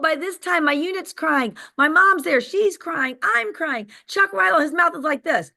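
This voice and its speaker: A woman, a sales director telling an excited, emphatic motivational story on a call. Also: very high-pitched, normal speed, vocal fry, few pauses.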